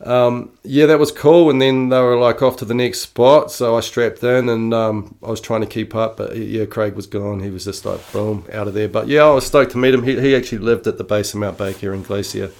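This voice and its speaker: Middle-aged New Zealand man, casual storyteller, laid-back slang, lowish voice. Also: fairly even intonation, brisk, hardly any pauses, darkish tone. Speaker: interview guest.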